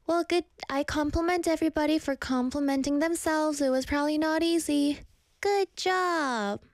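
A woman's voice: high voice, fairly even intonation, a little fast, a little mellow, no echo. A young adult woman casually reading viewers' comments aloud and telling rambling stories from her own life. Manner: chatty, storytelling, ranting. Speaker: streamer reading chat messages.

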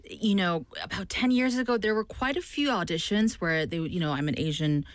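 A woman's voice: on the low side, expressive, a little fast, no echo. A woman with an East Coast American accent from the Maryland and Washington area, talking casually and filling her sentences with "like" and "you know.". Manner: chatty, with many "like" and "you know" fillers. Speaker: actress and podcast guest. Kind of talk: casual conversation.

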